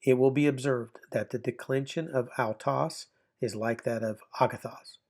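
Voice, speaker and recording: Man teaching a relaxed online lesson. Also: medium pitch, normal speed. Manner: explanatory, repeats and rephrases himself with fillers. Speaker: Greek grammar teacher.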